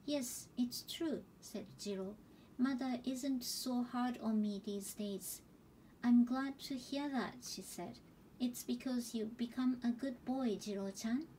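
A woman slowly reading a novel aloud as an audiobook, gentle and unhurried, with small restarts. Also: fairly high pitch, far from the mic, a little hiss or hum, rough recording. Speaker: audiobook reader. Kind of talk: slow storybook narration.

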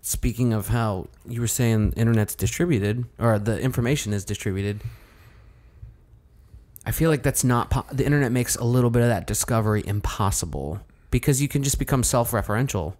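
Opinionated and joking, a man co-hosts a podcast in casual conversation, sharing blunt views with humor. His mid-range voice has a darkish tone and moves at a fairly quick pace.

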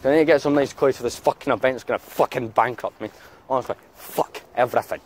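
Out in town again, this man talks fast in a medium-pitched voice, ranting furiously and cursing heavily during his casual vlog. There's a bit of background noise.

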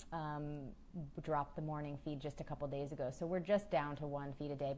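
Woman, thirties, low voice, frank and chatty live-stream host, lots of ums. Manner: chatty, reads viewer questions aloud, frequent ums. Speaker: women's health host.

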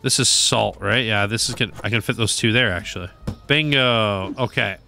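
A man's voice: on the low side, moderate pace, vocal fry, faint music behind. A man giving casual, joking gameplay commentary, talking to the game's characters and swearing now and then. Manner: animated, joking, swears and talks to game characters. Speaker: gaming video creator.

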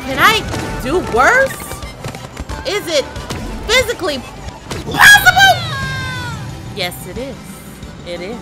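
A woman streaming a platform game, exasperated and often shouting at her failures. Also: high-pitched, huge pitch swings, unhurried, long pauses. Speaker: gameplay streamer. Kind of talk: let's play commentary. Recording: loud game music behind. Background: game music.

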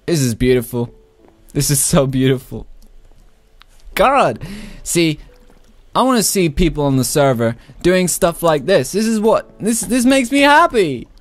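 A man casually commentating his own Minecraft play, excitable and laughing often. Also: a little high, measured pace, long pauses, no echo, faint music behind. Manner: excitable, laughs often, shrieks when startled. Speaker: Minecraft YouTuber.

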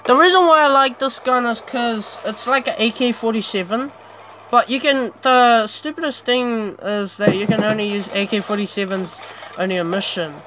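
A young man commentating his own gameplay, chatty and excitable, with sudden yelps between rambling asides. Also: high-pitched, moderate pace. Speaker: gamer. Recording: clear background noise.

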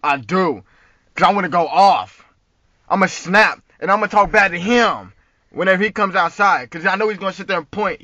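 A man's voice: sits high, normal speed, pushed and bright, dry recording. A man telling an angry story in a heated, profane way, full of street slang, sitting in a car. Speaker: vlogger. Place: inside a parked car. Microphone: phone. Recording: dull, dry phone audio.

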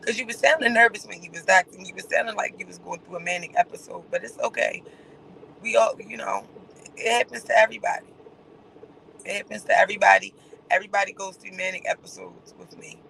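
Sarcastic male streamer with a high, gravelly voice who keeps circling back to the same point. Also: quick pace, pushed and bright, a little hiss or hum, rough recording. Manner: sarcastic, repetitive, laughs between phrases. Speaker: livestream host. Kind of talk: casual livestream rant.

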